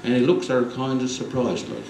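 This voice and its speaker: A man giving a lively comic recitation at a community concert. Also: mid-range voice, fairly quick, a little hiss or hum. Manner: lively storytelling. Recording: echoey hall, mic far off.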